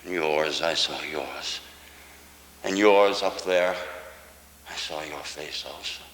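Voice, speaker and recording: An actor in a one-man stage performance playing Jesus, a sorrowful man who speaks slowly and intimately to his accusers, dropping into whispers. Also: extremely low pitch, fairly bright tone, heavily acted. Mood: recounting. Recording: echoey hall with long reverb.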